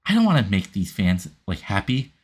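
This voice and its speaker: A man's voice: lowish voice, wildly swooping pitch, fairly quick. A man voicing a cocky, arrogant male wrestler heel, taunting his rival in a game recap.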